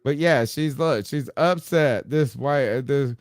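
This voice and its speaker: A man hosting a sports podcast in casual chat, telling stories with lively acted-out quotes and frequent laughs. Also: medium pitch, unhurried, dry recording, studio quality. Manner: animated storyteller, acts out quotes, laughs often. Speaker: podcast host.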